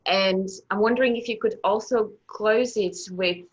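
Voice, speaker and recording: A woman's voice: medium pitch, normal speed, lo-fi sound. A woman hosting an online panel, encouraging and affirming her guest. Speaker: panel host. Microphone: video call.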